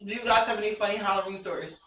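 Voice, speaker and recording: A woman's voice: mid-range voice, racing, a bit bright. A woman co-hosting a casual podcast, playful and teasing, joking with the others. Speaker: podcast co-host. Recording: roomy room, mic at a distance, faint noise.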